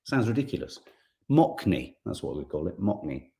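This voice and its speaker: Animated low-voiced man. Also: normal speed, creaky. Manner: animated, thinking aloud with frequent restarts. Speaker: live stream co-host reading viewer comments. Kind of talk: casual live-stream chat.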